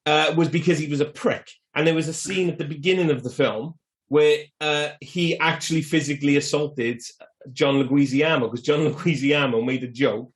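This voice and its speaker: A man's voice: a little high, fairly even intonation, normal speed. Man telling film anecdotes. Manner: anecdotal, goes off on tangents, laughs between remarks. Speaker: podcast co-host. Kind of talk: casual film chat.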